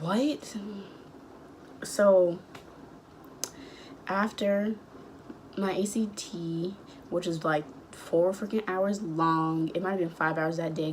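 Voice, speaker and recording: A young woman in her late teens chatting casually, rambling through a storytime and acting out the dialogue with sudden high outbursts. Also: slight background noise. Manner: acts out quoted dialogue. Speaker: vlogger.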